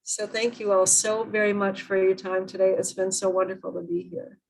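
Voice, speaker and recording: Husky woman leading an online workshop. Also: medium pitch, flat delivery, normal speed, darkish tone, rough recording. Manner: earnest, emphatic, rhetorical questions. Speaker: workshop presenter. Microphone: video call.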